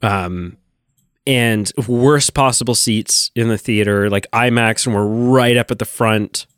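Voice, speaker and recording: A man's voice: on the low side, measured pace, a bit bright, smooth, no room sound, studio quality. A man co-hosting a podcast, talking in an enthusiastic, rambling way with many restarts. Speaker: podcast co-host. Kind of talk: casual chat.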